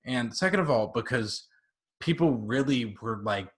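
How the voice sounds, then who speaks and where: A man's voice: medium pitch, expressive, measured pace. A young man in his twenties, a guest on a casual podcast, telling stories eagerly with lots of "like" and "um". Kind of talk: casual review chat.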